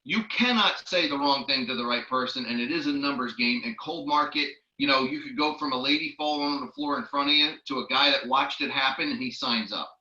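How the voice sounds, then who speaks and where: Male trainer with a bright, sharp voice who tells lively stories, recorded in an echoey, muffled room. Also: medium pitch, brisk, hardly any pauses. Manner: lively storyteller who acts out the people he quotes. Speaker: network marketing trainer. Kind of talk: training talk with personal stories.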